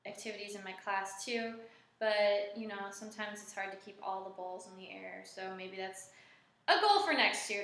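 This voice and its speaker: A woman's voice: medium pitch, fairly bright tone. A woman music teacher giving a casual teaching demo, talking chattily with many fillers and singing short solfege patterns. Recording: very echoey room.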